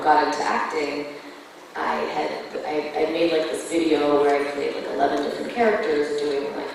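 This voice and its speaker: A woman's voice: low-pitched, a little hiss or hum. A woman voice actor chatting in a giggly way on a convention panel, full of fillers. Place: convention hall. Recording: echoey hall from far off.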